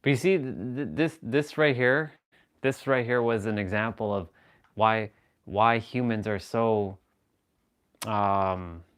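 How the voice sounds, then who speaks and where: A man's voice: fairly low pitch, slow pace, fairly bright tone, clean tone. A man chatting casually on a live stream, rambling and joking as he reacts to viewers' comments.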